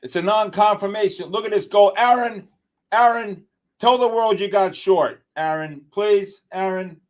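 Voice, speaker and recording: Excitable high-voiced trading stream host. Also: male voice, measured pace. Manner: excitable, exclamatory, calls out viewers by name. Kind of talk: live market commentary.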